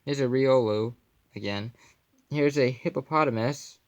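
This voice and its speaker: A man's voice: mid-range voice, measured pace, a little mellow. A young man casually commenting on his card collection, slipping goofy puns and mumbled asides in between.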